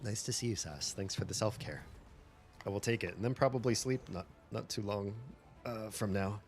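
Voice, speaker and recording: A man's voice: fairly low pitch, normal speed. A male streamer chatting casually with viewers, rambling and lecturing about language and accents. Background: faint game music.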